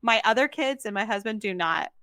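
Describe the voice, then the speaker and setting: A woman's voice: medium pitch, expressive, fairly quick, bright, forceful tone, smooth, no room sound, clean studio sound. A woman co-hosting a podcast in casual chat, retelling family moments expressively and laughing easily. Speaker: podcast co-host.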